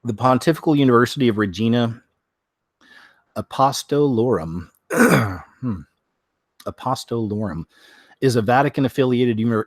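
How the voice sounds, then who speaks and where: A man hosting a show, reading news stories aloud, stumbling over words, clearing his throat and adding wry comments of his own. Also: mid-range voice, no echo, clean studio sound. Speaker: host.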